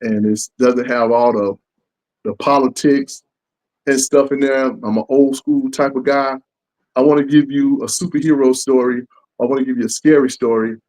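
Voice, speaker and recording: A man talks about making his comics in a loose, casual interview. He keeps acting out what his fans say to him, lifting and dropping his voice as he does. His voice sits at a middle pitch. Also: normal speed, rough recording. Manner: animated, acts out fans' lines. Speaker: comic book creator.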